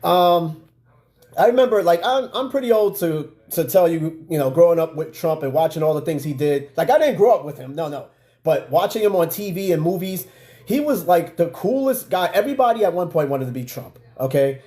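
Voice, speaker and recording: Chatty New York man, dark voice. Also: on the high side, expressive, fairly quick. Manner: loose, chatty, frequent fillers and asides to viewers. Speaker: podcast host. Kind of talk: casual live-stream chat.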